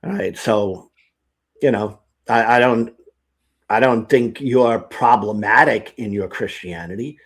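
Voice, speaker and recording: A man speaking as a guest in a casual online conversation, relaxed and hedging with "you know". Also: fairly low pitch, measured pace, breathy edge.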